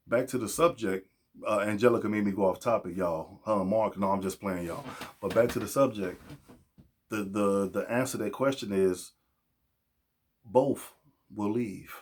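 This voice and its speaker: Man, podcast host, husky, emphatic monologue. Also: on the low side. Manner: preachy and emphatic, acts out quoted voices. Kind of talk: casual opinion monologue.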